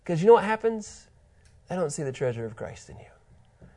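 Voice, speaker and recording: Animated man preaching a Bible lesson. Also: fairly high pitch, moderate pace. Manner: animated, playful with the congregation. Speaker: pastor teaching a Bible lesson. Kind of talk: sermon-style Bible teaching.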